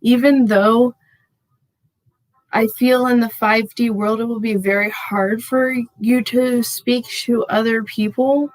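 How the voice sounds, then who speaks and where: A woman's voice: on the high side, slow, no echo, low-quality recording. A woman doing a channeled tarot reading for her viewers, effusive and emphatic, calling them y'all and saying "freaking" a lot. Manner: gets excited and emphatic when revealing cards. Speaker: tarot card reader.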